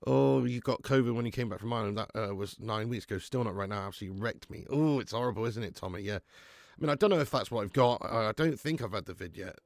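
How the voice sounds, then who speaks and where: A man's voice: fairly low pitch, fast talker, vocal fry, no echo, studio quality. Sick, sweary man hosting a football watch-along. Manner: sweary, blunt banter with viewers. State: sick with flu, sweating. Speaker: football fan channel host. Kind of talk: live match watch-along chat.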